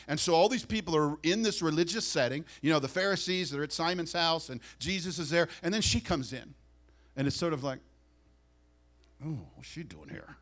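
A man preaching a sermon with a somewhat high voice. He is animated, swings between soft asides and loud, impassioned prayer, and briefly acts out the voices of the people in his story. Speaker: pastor.

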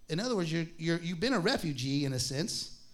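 A man, probably a pastor, teaching a Bible study in a relaxed, conversational way, reading scripture slowly and acting out voices in his stories. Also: a little high. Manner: conversational, acts out voices in stories, laughs often; reads scripture aloud slowly.

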